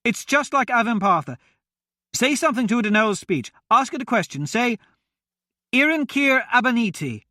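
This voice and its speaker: A man's voice: very high-pitched, sing-song, moderate pace, pushed and bright, dry recording, studio quality, voice pushed up, full character voice. A man voicing a young princess and sorceress who explains things eagerly, in an audiobook. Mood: urgent. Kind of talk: audiobook character voice.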